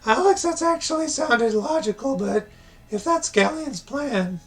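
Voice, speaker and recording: A man voicing a shrill, sharp-tongued townsperson in a squeaky, mocking put-on voice while reading game dialogue. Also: animated, a little slow, music in the background. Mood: skeptical.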